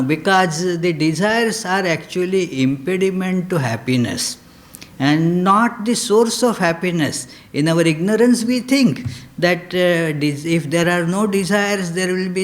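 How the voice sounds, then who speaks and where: Slow, halting male spiritual lecturer. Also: on the high side. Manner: slow, halting delivery with frequent "uh" fillers; lapses into chanted Sanskrit verse. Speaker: swami giving a lecture.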